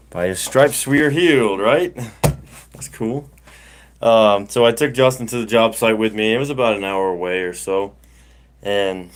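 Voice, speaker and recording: A man's voice: on the low side, clear, resonant tone. A middle-aged man, hosting a casual livestream and telling a rambling story full of fillers and restarts. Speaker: livestream host.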